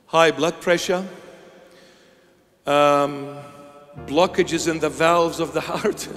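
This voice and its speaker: A man's voice: a little high, fairly bright tone. Impassioned preaching man in a hall. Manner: impassioned, rhythmic repetition, sometimes sung phrases. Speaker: bishop. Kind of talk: sermon.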